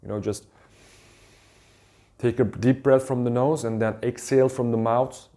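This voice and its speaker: A man calmly explaining his stress routines, talking in a halting way with many pauses and restarts. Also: medium pitch. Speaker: wellness teacher. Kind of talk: casual instructional talk.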